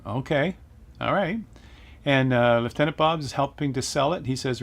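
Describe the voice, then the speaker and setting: A man's voice: mid-range voice, moderate pace, vocal fry. A middle-aged man hosting a casual flight-sim livestream, chatting and reading viewer comments aloud with frequent laughs. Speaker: livestream host.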